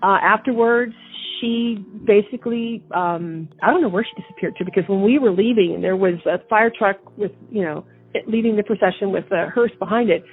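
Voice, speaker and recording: A woman's voice: mid-range voice, fairly quick, husky. A woman guest telling a personal story in an indignant way, often repeating herself and restarting. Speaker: interview guest recounting events. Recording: tinny phone line with faint music.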